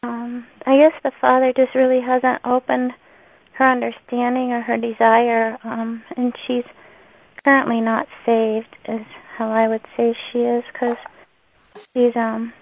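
A woman with a northern US accent calls in over a tinny, phone-like line. She talks slowly and hesitantly, filling pauses with "um," in a flat, fairly high voice. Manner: hesitant, many "um"s. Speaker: caller. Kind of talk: casual prayer request on a call. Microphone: phone on a conference call.

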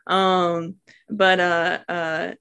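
A young woman with a somewhat low voice tells her story casually and warmly devout. She talks in a loose, chatty way, full of fillers and words of praise. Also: little pitch movement, very slow, vocal fry, smooth. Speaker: new mother sharing a birth story. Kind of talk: casual personal testimony.

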